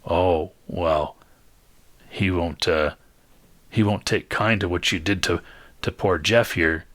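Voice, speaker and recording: A man's voice: deep voice, slow pace, a bit bright, no room sound. A man voicing a cocky, menacing adult man in a tabletop game, boasting and threatening over a meal. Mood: boastful.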